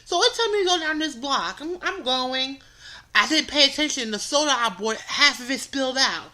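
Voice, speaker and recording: Her pitch sits high and her speed is normal. She's a young co-host on a podcast, animatedly recounting an exasperating incident for laughs and repeating words to land the joke, all in a casual storytelling style.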